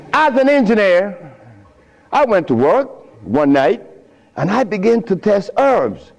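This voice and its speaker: In a high-pitched voice with vocal fry, a man addresses an audience in an informal lecture, telling animated stories with loose grammar and chuckling often. The audio quality is poor.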